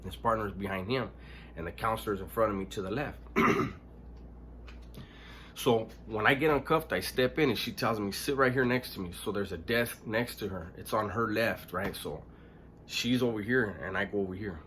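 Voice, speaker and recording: A man recounting a painful memory in a casual, halting way, restarting sentences, clearing his throat and swearing bluntly. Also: lowish voice, a bit bright, slight background noise. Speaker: storyteller recounting his past. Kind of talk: casual spoken storytelling.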